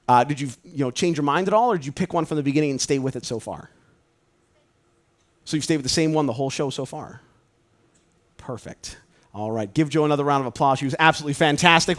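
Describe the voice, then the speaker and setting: A man performing a mentalist show live for an audience, calling out numbers with quick, lively patter. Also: a little high. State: out of breath. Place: cruise ship show venue.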